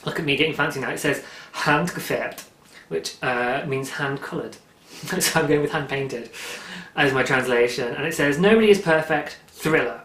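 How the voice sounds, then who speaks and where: A man's voice: medium pitch, steady tone, normal speed, sharp tone. A young man hosting a knitting podcast, talking in a rambling, chatty way and laughing often. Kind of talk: casual chat. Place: indoor room at home, daylight. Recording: roomy echo.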